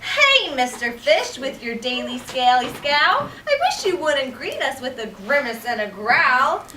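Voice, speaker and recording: Woman doing a gentle storybook jellyfish. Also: high voice, big pitch swings, a little slow, slight background noise, heavily acted. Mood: chiding. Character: gentle floating male jellyfish. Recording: echoey classroom from far off, children around.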